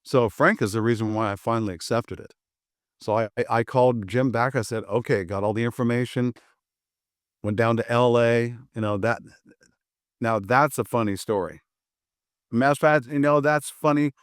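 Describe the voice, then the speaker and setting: A man's voice: medium pitch, moderate pace, dry recording, studio quality. An older American man, a martial arts instructor, telling a story casually and acting out both sides of old conversations. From USA.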